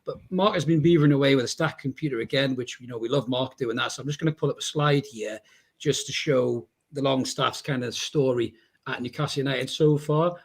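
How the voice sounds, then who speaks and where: A man's voice: mid-range voice, a little fast, husky. An English man hosting a casual football podcast, chatty and full of banter, swearing now and then. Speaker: podcast host.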